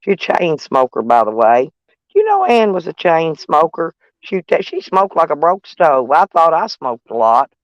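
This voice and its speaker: A woman's voice: low-pitched, big pitch swings, moderate pace, no room sound, lo-fi sound. A woman, chatting to her viewers from inside her van in a rambling, folksy and salty way. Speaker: vlogger. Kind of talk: casual rambling chat to viewers.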